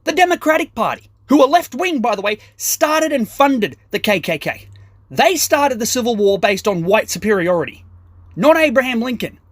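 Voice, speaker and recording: A man's voice: high voice, fairly bright tone, no room sound, clean studio sound. A man doing an aggressive, profane stand-up comedy rant, mocking and sarcastic.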